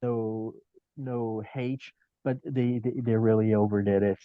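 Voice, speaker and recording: A man's voice: fairly low pitch, steady tone, unhurried, clean tone, no room sound, phone-quality sound. A man talking as a podcast guest in casual chat, hesitant and hedging, with many filler ums.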